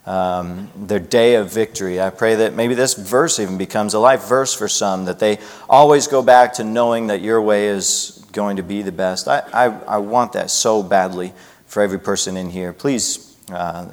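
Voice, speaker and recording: A man's voice: lowish voice, fairly even intonation, normal speed, in a large hall. A man in his thirties, a youth pastor preaching a sermon, who prays earnestly and tells family stories, acting out his children's voices. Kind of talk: sermon with prayer and personal storytelling.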